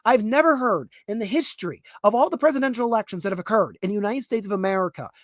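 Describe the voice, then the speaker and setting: A man's voice: high-pitched, lively intonation, fast, no echo, clean studio sound. A young man with a Pittsburgh accent, hosting a podcast and ranting casually, laughing and restarting as he goes. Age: young adult. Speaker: podcast host. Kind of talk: casual rant.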